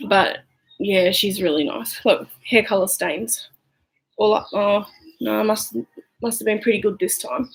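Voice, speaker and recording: A woman's voice: medium pitch, steady tone, unhurried, creaky, poor audio. A young woman with a broad Australian accent talks her way through her makeup on a casual livestream. She rambles and chats with viewers, with plenty of fillers along the way. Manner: chatty and rambling, with many fillers, answering viewers. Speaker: vlogger and hairdresser. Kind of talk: casual livestream chat while doing makeup. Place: home room.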